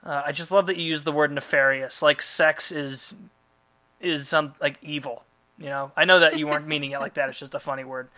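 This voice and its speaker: A male podcast host rambles through listener mail in loose, profane casual chat. His voice is very bright and sits a little high. He loops back on his thoughts with a lot of filler. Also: fairly even intonation, brisk.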